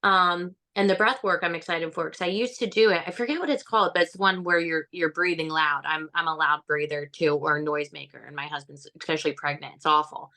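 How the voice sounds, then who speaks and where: Bright-voiced chatty woman on a call. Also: low-pitched, fairly even intonation, quick pace, few pauses. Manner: chatty, open, full of fillers like "right?". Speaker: participant. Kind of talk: casual talk on a group video call.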